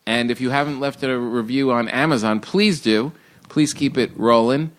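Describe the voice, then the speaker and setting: A man's voice: medium pitch, moderate pace. A man from New Jersey with a New Jersey accent, hosting a podcast in casual, joking chat and laughing often. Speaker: podcast host.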